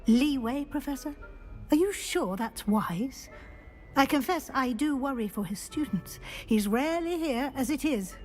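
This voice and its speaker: A woman's voice: high voice, expressive, a little slow, soft background music. An actress playing a proper, concerned female professor who speaks formally and politely.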